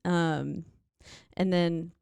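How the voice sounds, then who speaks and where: A woman's voice: on the low side, steady tone, very slow, creaky, a little mellow, clear, resonant tone, no room sound, studio quality. A woman co-hosting a podcast, chatting casually about a horror film, swearing freely and acting out lines. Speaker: podcast co-host.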